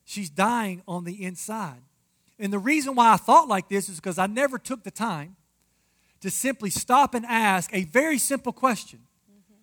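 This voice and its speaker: Man, pastor, high voice, emphatic marriage sermon, direct address to congregation. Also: expressive, normal speed, a bit bright. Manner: preachy, emphatic, addresses ladies and fellas directly.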